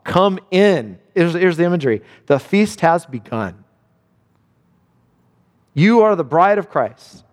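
A man preaching a sermon with impassioned delivery, dropping low and quiet then rising to high exclamations. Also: big pitch swings, a little slow, pauses often, long reverb tail. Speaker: pastor.

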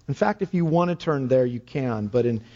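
A man's voice: medium pitch, expressive, normal speed, warm tone. Fervent preacher man, dull lo-fi sound. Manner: earnest, rising to fervent exhortation. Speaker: pastor. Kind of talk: sermon.

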